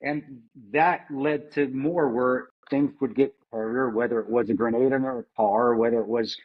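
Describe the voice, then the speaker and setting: A middle-aged man from the United States, once an Army Ranger and later a security contractor, appears as an interview guest, his husky, medium-pitched voice holding a steady tone at normal speed. He talks through his combat memories plainly and candidly, with frequent restarts and the odd curse word. The recording is dull and a bit lo-fi, like a small podcast.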